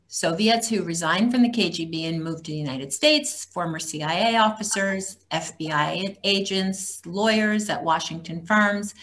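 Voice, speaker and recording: A woman with a fairly low voice leads a casual book discussion. She reads jacket copy and chapter titles aloud. She adds dry, wry comments for her listeners. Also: a bit bright, a little hiss or hum. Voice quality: chatty, reads blurbs aloud, wry asides. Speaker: book talk host. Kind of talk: casual book review talk to a group.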